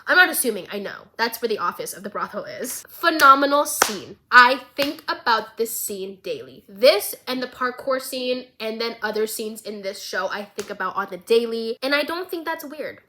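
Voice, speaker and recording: A young woman vlogger recapping a show in a casual, excitable, rambling way, swearing freely. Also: a little high, moderate pace, hardly any pauses, low-quality recording.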